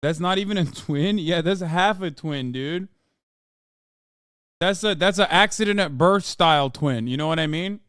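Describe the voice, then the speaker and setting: A man's voice: fairly high pitch, moderate pace, clear, resonant tone, dry recording, clean studio sound. A man hosting a stream, riffing and cursing casually as he reacts to a video. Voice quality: animated, profane, riffing.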